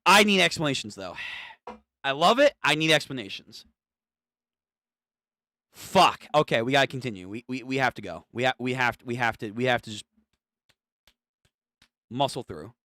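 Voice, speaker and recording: A young streamer reacting live to a manga, excitable and profane, often stammering and repeating words. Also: mid-range voice, normal speed, pauses often, no echo, studio quality. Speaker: streamer reading a manga aloud.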